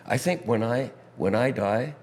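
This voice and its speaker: A hoarse man with a gravelly voice, a musician guest chatting casually in a pub's back bar, rambling and breaking off his own sentences. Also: mid-range voice, measured pace, a little mellow. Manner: rambling, self-interrupting storyteller. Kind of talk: casual chat.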